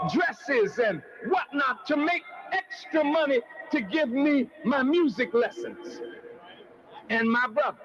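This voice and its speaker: High-voiced man preaching with fire. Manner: declamatory, shouting for emphasis, drawn-out words. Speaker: preacher addressing a congregation. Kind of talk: fiery sermon. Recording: lo-fi, noisy live recording.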